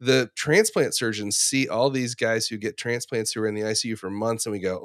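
A man in his forties, an ICU clinician, talking through a medical dilemma in relaxed conversation, telling stories with fillers and restarts. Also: lowish voice, normal speed, few pauses, dry recording, clean studio sound. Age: 40s. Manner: reflective, storytelling with frequent fillers and restarts. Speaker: ICU clinician, podcast co-host. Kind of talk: casual professional discussion.

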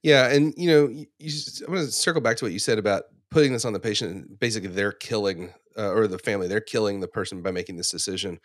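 A man in his forties, an ICU clinician, talking through a medical dilemma in relaxed conversation, telling stories with fillers and restarts. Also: fairly low pitch, fast talker, few pauses, no room sound, clean studio sound. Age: 40s. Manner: reflective, storytelling with frequent fillers and restarts. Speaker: ICU clinician, podcast co-host. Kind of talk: casual professional discussion.

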